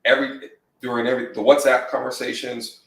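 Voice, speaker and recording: Man, mid voice, measured and reasoning, distant from mic, roomy. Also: mid-range voice, flat delivery, creaky, a bit bright. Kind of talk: casual chat.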